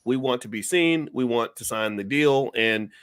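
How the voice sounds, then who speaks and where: A man's voice: medium pitch, moderate pace, clean tone, dry recording. A man talking on a video call as a guest commentator, giving long, opinionated explanations in casual conversation.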